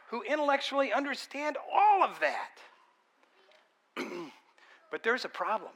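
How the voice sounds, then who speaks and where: A man's voice: high voice, pushed and bright. A man preaching a sermon in an earnest, conversational and emphatic way.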